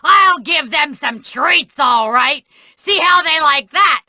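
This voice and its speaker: An actress voicing a crude, grumpy older woman who cooks for a school, yelling at children in a rough, coarse way. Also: sits high, lively intonation, slow pace, no room sound, heavily acted. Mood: grumbling. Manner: coarse, grouchy, yelling at kids. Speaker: school cafeteria cook.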